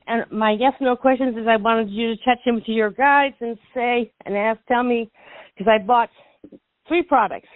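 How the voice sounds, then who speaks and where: A woman's voice: on the high side, steady tone, normal speed, no room sound. Breathless, anxious woman caller, stumbling, heard over a tinny phone line. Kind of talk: call-in radio talk.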